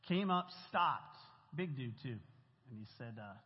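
A man's voice: mid-range voice, lively intonation, unhurried. A man telling a church congregation a story from his volunteer ministry in a casual, chatty way with slang. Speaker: church volunteer giving testimony. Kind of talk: testimony told to a church congregation. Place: church meeting room. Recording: echoey hall, dull lo-fi sound.

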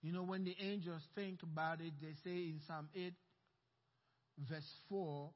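A man's voice: a little high, steady tone, unhurried. A male pastor preaching a sermon with impassioned delivery and personal storytelling. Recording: dull sound with long hall reverb.

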